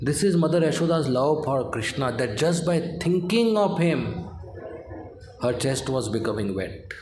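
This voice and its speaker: A man's voice: medium pitch, measured pace, a little hiss or hum. A man with an Indian English accent giving a devotional lecture, telling a story and acting out the characters' words. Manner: animated storyteller, acts out the child's complaints. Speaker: spiritual lecturer. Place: temple hall. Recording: roomy hall with faint ambience.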